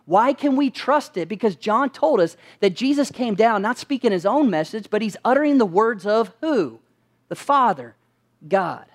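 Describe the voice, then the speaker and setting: A man preaching a sermon as pastor, asking his listeners rhetorical questions and answering them with emphasis. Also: high-pitched.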